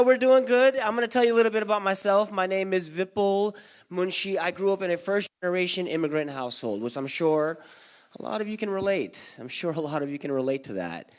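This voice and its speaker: A young male comedian working a live room at a community event, his voice sitting a little high as he jumps between crowd banter and playing his own mom and dad. He talks into a handheld mic on stage. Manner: energetic crowd work, acts out his parents and friends. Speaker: stand-up comedian. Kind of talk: stand-up comedy set. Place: community center event hall, live audience.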